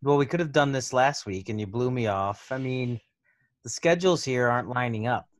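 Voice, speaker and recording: A man's voice: medium pitch, normal speed. A man co-hosting a podcast in casual chat, with a dry, teasing manner. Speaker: podcast co-host.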